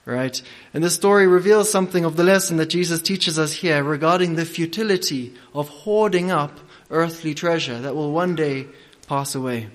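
Male preacher, slightly high voice. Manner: deliberate, with frequent filler hesitations. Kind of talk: sermon.

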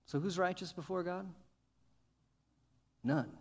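A male pastor preaching a sermon, asking questions and building to emphatic, loud points. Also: mid-range voice, expressive, moderate pace. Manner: rises to emphatic, loud peaks, asks the congregation questions.

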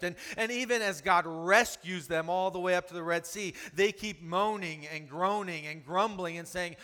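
A man's voice: on the high side, moderate pace, sharp tone, long reverb tail. A man preaching a sermon with emphasis, repetition and rhetorical questions. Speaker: pastor.

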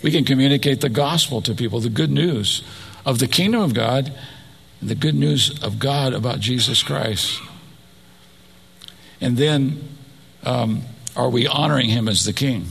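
A man preaching a sermon, his voice gravelly with a husky edge. He asks his listeners questions and adds personal asides as he goes. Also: mid-range voice, a little slow, long pauses, a bit bright.

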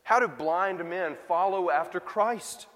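Male pastor, high pitch, conversational sermon delivery with rhetorical questions, long hall reverb. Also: a little slow, a bit bright.

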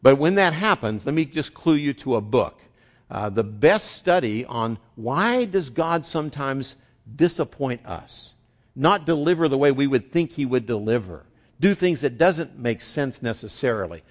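A middle-aged male pastor preaching a conversational sermon, shifting from quiet reflection to fervent emphasis. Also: medium pitch, animated, measured pace, dull audio.

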